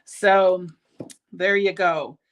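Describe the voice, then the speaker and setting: Her voice lowish and steady, with drawn-out words, a woman runs a casual bead-show livestream from an indoor jewelry shop studio. She's rambling and chatty, with lots of ums and restarts, and sounds keen on the beads.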